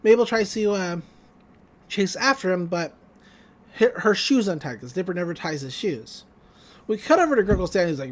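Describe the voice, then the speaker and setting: A woman's voice: mid-range voice, lively intonation, measured pace, pauses often. A woman co-hosting a podcast, casually recapping a cartoon episode with wry asides and frequent laughter. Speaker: podcast co-host.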